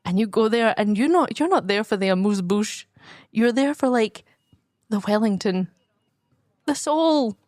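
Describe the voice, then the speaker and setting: Stephanie is a bossy small-town investigator who rambles through her own metaphors and keeps insisting she has everything under control, as a woman plays her. Her voice sits a little high and is recorded dry and close, the sound of a comedy podcast. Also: expressive, normal speed, pauses often, darkish tone, no echo, lightly acted. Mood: rambling. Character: brash woman sleuth pining for an old flame. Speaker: podcast host in character. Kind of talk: improvised comedy role-play.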